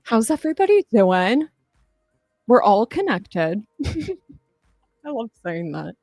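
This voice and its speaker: A woman's voice: a little high, sing-song, slow, pauses often, a little mellow, dry recording, faint music behind. A young adult woman chatting casually on a livestream, rambling, swearing and laughing as she talks. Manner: rambling, profane, laughing often. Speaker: livestream host.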